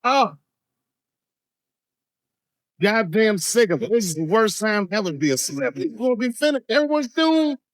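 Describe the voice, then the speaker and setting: A stand-up comedian telling profane stories on stage, his voice leaping from low mutters to high, loud bursts. The sound is dry and close, and his voice sits a bit high for a man. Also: big pitch swings, moderate pace, long pauses, dry recording, low-quality recording. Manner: profane storytelling with wide swings in pitch and loudness.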